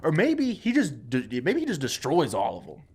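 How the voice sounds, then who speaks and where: A man co-hosting a comedy podcast, pitching movie ideas in a loose, playful way. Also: huge pitch swings, normal speed, a little mellow, breathy edge. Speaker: podcast co-host. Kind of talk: casual comedy brainstorming.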